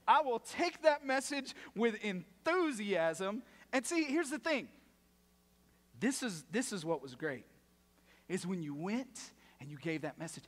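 A male pastor delivering a sermon in a church, animated and playful, dropping to a hush for emphasis. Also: high-pitched, normal speed, big-room sound. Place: church sanctuary.

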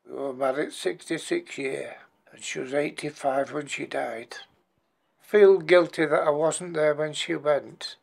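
Man in his eighties, gravelly and plain-spoken, telling his own story. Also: on the high side, unhurried. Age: 80s. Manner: plain-spoken, matter-of-fact, blunt everyday words. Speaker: bereaved husband and former carer. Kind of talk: personal life story told for a documentary.

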